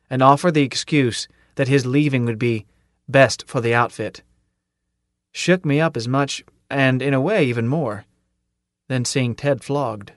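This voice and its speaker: Steady male audiobook narrator. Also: mid-range voice, dry recording, studio quality. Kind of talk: first-person audiobook narration.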